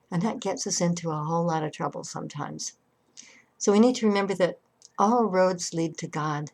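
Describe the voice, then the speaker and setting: A middle-aged Canadian woman, a senior minister, preaches an online sermon conversationally, often restarting and repeating words. Her voice is lowish and darkish, with vocal fry and a breathy edge.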